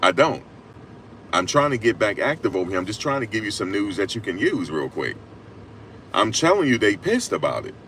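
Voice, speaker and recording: A man giving casual, emphatic sports talk on a live stream, repeating his points and rising to loud peaks. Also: on the low side, very animated, brisk, a little hiss or hum. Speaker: sports commentator.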